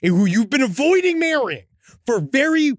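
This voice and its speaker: A man co-hosting a casual true-crime podcast, animated and joking, swearing freely. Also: very high-pitched, moderate pace, no echo, studio quality. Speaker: podcast co-host.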